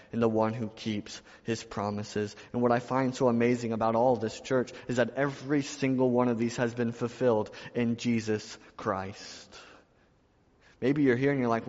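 A man's voice: medium pitch, a little mellow. A man preaching a sermon to his church, repeating phrases and building emphasis as he speaks. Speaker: pastor. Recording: dull sound with long hall reverb.

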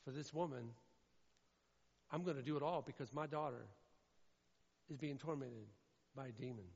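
A man from Indiana preaching a sermon, emphatic and repetitive, swinging between loud declarations and hushed lines. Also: a little high, lively intonation, brisk, gravelly. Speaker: pastor. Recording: echoey hall, dull lo-fi sound.

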